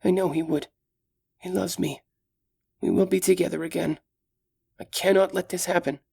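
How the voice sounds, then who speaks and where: A man voicing a frightened but brave young female elf in an audiobook, speaking in urgent, hushed tones. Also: high-pitched, fairly even intonation, moderate pace, vocal fry, slightly rough, voice pushed up, heavily acted. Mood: anxious. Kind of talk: audiobook character voice.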